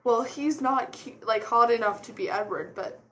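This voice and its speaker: A woman's voice: on the high side, normal speed, fairly bright tone, slight background noise. A woman co-hosting a casual chat, rambling and chatty. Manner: chatty, rambling with fillers and restarts. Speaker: co-host.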